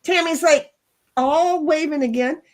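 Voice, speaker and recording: A woman's voice: sits high, measured pace. A woman hosting a casual livestream chat, playful and talkative, often repeating her words. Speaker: host. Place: home livestream.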